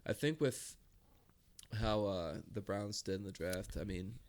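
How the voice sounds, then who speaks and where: A man's voice: lowish voice, unhurried, a little mellow. A man co-hosting a podcast in casual chat, easygoing and rambling, often trailing off mid-thought. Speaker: podcast co-host.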